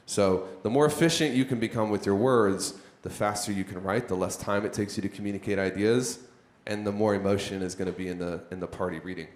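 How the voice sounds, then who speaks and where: A man's voice: fairly low pitch, fairly even intonation, a little fast, hardly any pauses. A man leading a live workshop on content creation for a room of listeners, talking conversationally and putting questions to the audience. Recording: echoey room.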